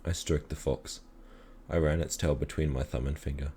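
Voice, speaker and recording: Very deep-voiced man reading a story. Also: a little hiss or hum. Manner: calm, measured storytelling. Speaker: reader. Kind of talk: reading a children's story aloud.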